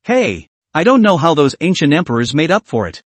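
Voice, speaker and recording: A man's voice: fairly high pitch, big pitch swings, brisk, no echo. A man voicing a boastful, easily flustered young male hero in a story recap, close to his own voice. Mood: cocky.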